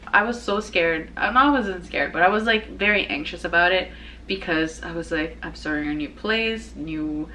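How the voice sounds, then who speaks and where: A young woman talks casually as the host of her own show. Her voice sits a little low, and a faint hum of ambience lies behind her. She rambles easily, restarts sentences often and laughs readily. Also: moderate pace, bright, forceful tone, rough recording. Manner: rambling, chatty, many fillers and restarts. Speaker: podcast host. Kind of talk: casual personal chat.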